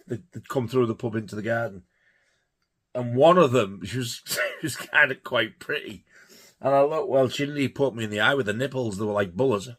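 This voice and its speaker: Husky man. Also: medium pitch, fairly bright tone. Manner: rambling, laughing, swears freely. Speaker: vlogger. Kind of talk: casual anecdote telling.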